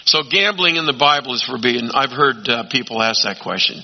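A man preaching a sermon as pastor, emphatic, swinging between loud urging and quiet asides. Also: medium pitch, animated, brisk. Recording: dull lo-fi sound.

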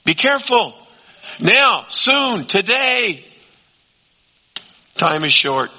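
A man preaching a sermon as pastor, emphatic, swinging between loud urging and quiet asides. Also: sits high, very animated, very slow, creaky. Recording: dull lo-fi sound.

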